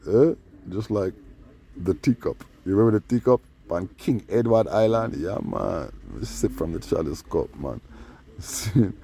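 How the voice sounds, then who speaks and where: Deep-voiced man rambling to camera. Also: a little slow, gravelly. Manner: rambling, repeats "man" and "yeah", drifts between low mutters and loud bursts. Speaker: channel host. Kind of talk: rambling casual monologue.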